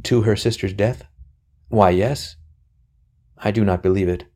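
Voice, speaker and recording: A man reading aloud, voicing a quiet, earnest young male priest who pleads softly. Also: on the low side, fairly even intonation, a little slow. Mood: doubtful.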